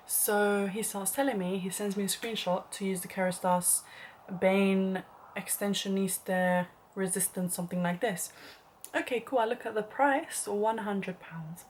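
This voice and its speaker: A woman's voice: mid-range voice, steady tone, unhurried, slight background noise. A young woman telling a dramatic story in a casual vlog, chatty and full of "like", sometimes dropping to a whispered aside. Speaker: vlogger.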